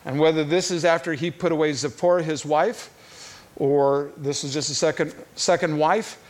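Man, middle-aged, preacher, sermon, animated storytelling, repeated words, fairly high voice. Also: normal speed.

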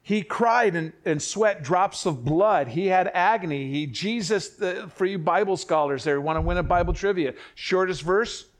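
An older pastor preaches in a conversational style, sharing family anecdotes and quickly correcting himself. His voice is high.

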